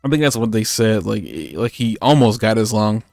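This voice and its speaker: A man's voice: lowish voice, moderate pace, a little mellow, dry recording, faint music behind. Rambling man recapping anime, dry mic. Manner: rambling, joking, many fillers. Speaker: podcast co-host. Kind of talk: casual anime recap chat.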